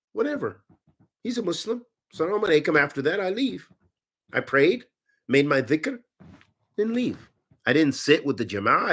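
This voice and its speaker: A man teaching and answering religious questions in a conversational, animated way, often restarting his sentences. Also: on the high side. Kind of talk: Q&A talk.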